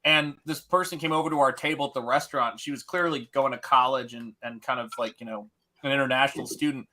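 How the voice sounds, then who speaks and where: Bright-voiced man telling lively stories. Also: mid-range voice, fast talker. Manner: animated storyteller, laughs often. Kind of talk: casual chat.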